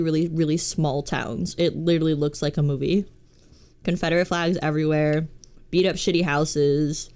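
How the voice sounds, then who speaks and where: A woman's voice: low-pitched, darkish tone, clear, resonant tone. A young woman from the American South with a light Southern accent, chatting casually as a streamer, swearing freely and answering chat. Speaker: VTuber streamer.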